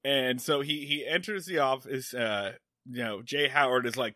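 A man's voice: mid-range voice, moderate pace, sharp tone, no room sound, studio quality. A man co-hosting a podcast, retelling an episode's plot in casual chat and acting out the characters' lines. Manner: storytelling, acts out character lines. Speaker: podcast co-host.

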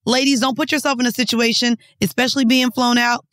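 A woman's voice: fairly high pitch, fairly even intonation, fast talker, fairly bright tone, dry recording, studio quality. A woman from New York co-hosting a podcast, talking in a blunt, profane, emphatic way. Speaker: podcast co-host. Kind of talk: casual chat.

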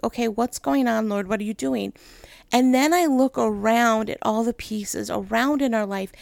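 Gravelly candid woman ministry leader. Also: high-pitched, darkish tone, no echo. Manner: emotional, laughing often, rambling with "right?" tags. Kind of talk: candid personal talk.

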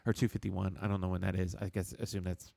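A man co-hosting a casual sports chat, rambling and halting with lots of "uh"s and chuckles. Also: low-pitched, little pitch movement, vocal fry, warm tone, dry recording. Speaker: podcast co-host.

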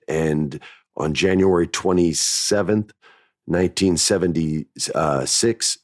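A man's voice: low voice, dry recording, studio quality. A man in his forties hosting a podcast, telling a story in a candid, reflective way and looping back to restart his thoughts. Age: 40s. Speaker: podcast host. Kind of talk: casual storytelling monologue.

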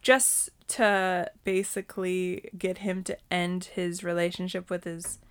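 A woman's voice: fairly low pitch, level tone, a little slow, clear, resonant tone. A woman in her thirties co-hosting a podcast, chatting casually with lots of fillers. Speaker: podcast co-host. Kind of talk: casual chat.

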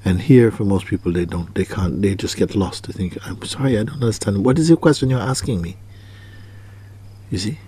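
Husky low-voiced man teaching. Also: fairly quick, mellow. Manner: questioning, repeats phrases, acts out quoted people. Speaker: spiritual teacher. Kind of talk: spiritual talk to an audience.

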